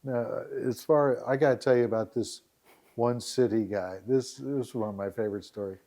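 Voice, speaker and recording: A man's voice: mid-range voice, fairly even intonation, normal speed, dark tone. A man as a podcast guest, chatting casually and telling stories, often laughing. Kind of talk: casual storytelling chat.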